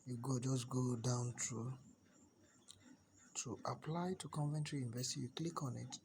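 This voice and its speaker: A man's voice: mid-range voice, fairly even intonation, moderate pace, darkish tone, a little hiss or hum. A man from Nigeria, walking viewers through a university application on screen. He repeats key words for emphasis and often restarts his phrases. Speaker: scholarship application guide. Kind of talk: screen-share walkthrough.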